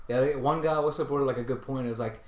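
A man's voice: mid-range voice, fairly even intonation, fast talker. A man in casual podcast chat, laid-back and slangy, swearing now and then. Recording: roomy echo, faint noise.

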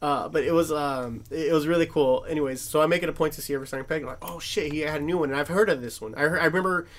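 A male podcast co-host chats casually about movies in a somewhat high, slightly bright voice, talking rapid-fire. He rambles, swears often, and laughs between phrases.

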